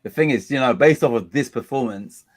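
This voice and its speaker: A man, hosting a casual live watchalong of a football match. He complains about dull play and gets excited during attacks. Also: medium pitch, brisk. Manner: chatty, groans at a dull game, excited bursts at attacks. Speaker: watchalong host.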